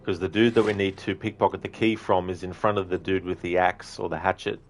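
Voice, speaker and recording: A man's voice: low voice, fairly even intonation, brisk, soft background music. An Australian man casually commentating his gameplay and chatting with viewers while thinking aloud. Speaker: game streamer.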